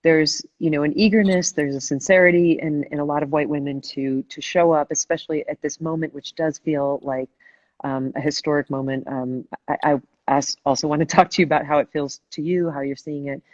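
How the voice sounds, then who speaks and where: A woman hosting a live video chat, asking a long thoughtful question with many pauses and restarts. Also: low voice, fairly even intonation, darkish tone, no room sound, lo-fi sound. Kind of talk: casual live-stream conversation.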